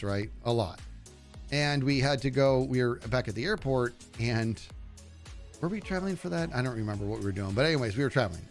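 A man's voice: medium pitch, creaky. A middle-aged man streaming live, telling rambling, self-deprecating stories to his chat in a casual way.

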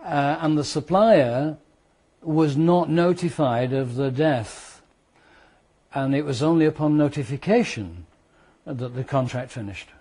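A man teaching a law class, lively and conversational, asking the students questions and walking them through made-up scenarios. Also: on the high side, unhurried, breathy edge. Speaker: law lecturer.

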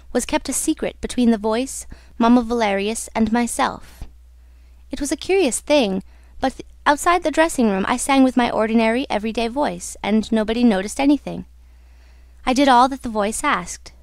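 A woman's voice: fairly high pitch, no room sound, natural voice. A woman reading the part of a young woman singer, telling her love her story in an intimate, earnest way. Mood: confiding.

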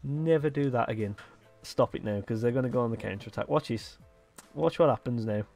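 A young man excitedly commentating his own football video game, swearing and shouting at his players. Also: medium pitch, brisk, creaky, soft background music. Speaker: gaming YouTuber.

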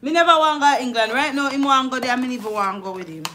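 Casting note: young Jamaican woman, outspoken and sassy, higher-pitched voice, live family vlog. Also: animated, quick pace, bright, forceful tone, a little hiss or hum. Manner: sassy, outspoken, argues back. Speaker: vlog co-host. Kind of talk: casual livestream chat.

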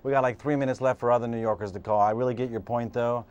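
A man hosting a call-in radio show, brisk and chatty with callers. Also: medium pitch, steady tone, a little mellow, clean tone, lo-fi sound.

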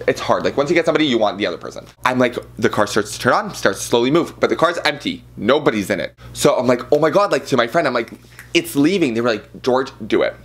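A man in his twenties excitedly telling a rambling story to camera, full of slang and playful swearing. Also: medium pitch. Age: 20s. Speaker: vlogger.

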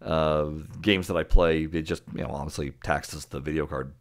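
A man co-hosting a podcast, talking in a low, deep voice. He chats loosely, laughs often and fills the gaps with ums and uhs. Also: fairly even intonation, normal speed. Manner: chatty, laughs often, trailing fillers. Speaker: podcast co-host. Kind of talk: casual chat.

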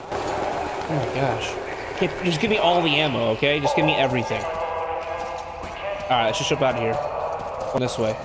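A young man giving excitable let's play commentary on a game, jumpy and shouting when startled. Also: a little high. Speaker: gaming video host. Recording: loud game sound under voice.

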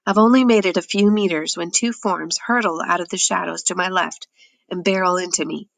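A woman giving steady, measured first-person audiobook narration. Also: fairly low pitch, gravelly, no echo.

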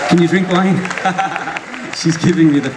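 A man's voice: a little high, slow pace. A man with an Irish accent, a singer-songwriter chatting to a live concert crowd and telling a rambling story between songs, chuckling at himself along the way. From Ireland. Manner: rambling, chuckling, self-deprecating chat to the crowd. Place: large outdoor concert venue. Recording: distant echoey audience recording with crowd noise.

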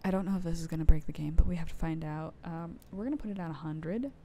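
A woman's voice: sits low, fast, warm tone, slight background noise. A woman streaming a game live, rambling and poking fun at herself while chatting to her viewers, with sudden startled outbursts. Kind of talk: casual live gameplay commentary.

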